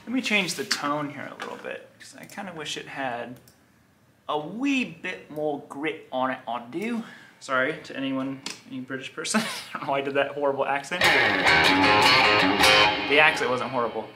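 A man's voice: medium pitch, brisk. A man hosting a guitar channel, chatting casually to camera in a rambling, self-deprecating way. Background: electric guitar playing.

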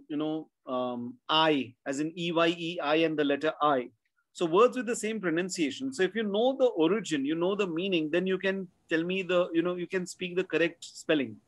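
A man with an Indian English accent teaching pronunciation in an online class, checking in with "right?" after his points. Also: fairly high pitch. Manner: explanatory, drills words by repetition, frequent "right?" checks. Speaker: spelling bee tutor.

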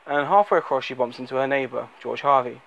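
A man talks through a movie review off the cuff, at an ordinary mid-range pitch. His delivery rambles, with lots of fillers and restarts. It sounds unplanned and conversational. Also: fast talker, gravelly, fairly bright tone, dull audio. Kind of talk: unscripted spoken movie review.

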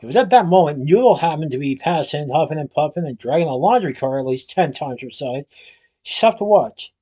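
A man reading a children's storybook aloud at a steady pace, occasionally restarting a phrase. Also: on the high side, fairly quick, slightly rough. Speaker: storybook reader.

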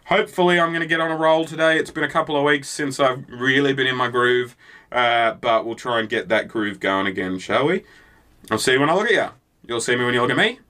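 A man's voice: medium pitch, fast talker. A man rambling and swearing freely in a casual reaction-video chat. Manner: rambling, profane, lots of "like" and "you know what I mean". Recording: loud background noise.

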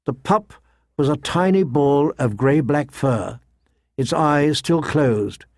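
Brief: male audiobook narrator, steady storytelling, slightly high, dry studio. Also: slow pace, no room sound. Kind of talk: scripted narration.

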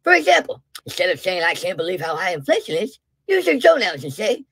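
A woman's voice: fairly low pitch, sing-song, a little fast, fairly bright tone, husky, no room sound, studio quality, exaggerated voice. A woman voicing a smug, sugary elderly female politician in a parody sketch. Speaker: narrator of the sketch.

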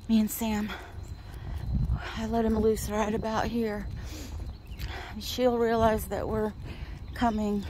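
A woman's voice: darkish tone, slight background noise. A middle-aged woman chatting casually to her phone camera while walking her dogs outside near her house. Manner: chatty, calls dogs in a high singsong. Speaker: vlogger. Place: outdoors near a house and woods.

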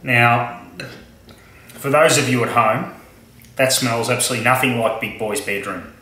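A man's voice: mid-range voice, normal speed, pushed and bright, reverberant, poor audio. A man from Australia reviewing a beer at home in a casual tasting vlog, chatty and wry, with many fillers and asides.

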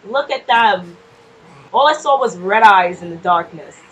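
A woman casually commenting on her gameplay, chatty and quick to swear, often laughing and talking back to the game's characters. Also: medium pitch, lively intonation, a bit bright, slight background noise, poor audio. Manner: nervous and jumpy in scary moments. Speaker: gameplay streamer. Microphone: desk microphone.

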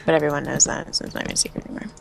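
A woman's voice: sits low, fairly even intonation, very fast, creaky. A woman co-playing a game, chatting in an easygoing, playful way over a voice-call mic. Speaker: co-player. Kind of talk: casual gaming chat.

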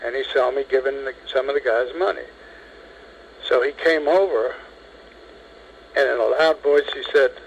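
Older guy in his 70s on a phone call, mid-pitched voice, spinning a lively story, faint hiss behind. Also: normal speed, vocal fry, pauses often. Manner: lively storyteller, acts out quoted speech. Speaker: interviewee. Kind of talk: telephone interview, storytelling. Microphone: telephone.

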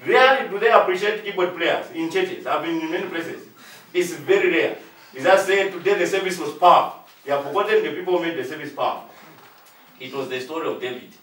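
A pastor from Zambia preaches a sermon, driving points home with emphatic repetition and acting out short exchanges in different voices. His voice is fairly high and a bit bright, sounding distant in an echoey room.

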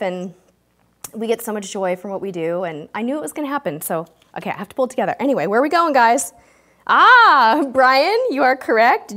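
A woman in her forties, a cruise vlogger, chatting warmly and emotionally to viewers during a live stream, choked up at times. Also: fairly high pitch. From California, US. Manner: chatty, gushing, talks straight to viewers in the chat.

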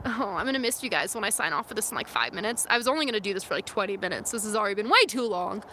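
A woman's voice: mid-range voice, animated, fast talker, pushed and bright, slight background noise. A young woman from California chatting casually on a livestream from inside her van, playful and talkative. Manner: chatty and playful, tries out mock accents. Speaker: vlogger and snowboarder. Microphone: phone camera.

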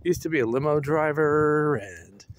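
Man, casual rambling vlog chat, fillers and chuckles, fairly high voice, faint outdoor noise. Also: moderate pace. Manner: rambling storytelling with laughs and frequent fillers. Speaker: vlogger. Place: outdoors at home while walking a dog. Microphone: phone.

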